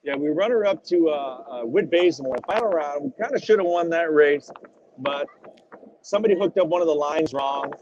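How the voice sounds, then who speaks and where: A middle-aged man, a former drag racer, telling animated and salty stories as a podcast guest. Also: on the high side, normal speed, slight background noise. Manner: animated, swears freely, acts out quotes. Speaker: retired drag racing driver as podcast guest. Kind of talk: casual storytelling interview. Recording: dull lo-fi audio.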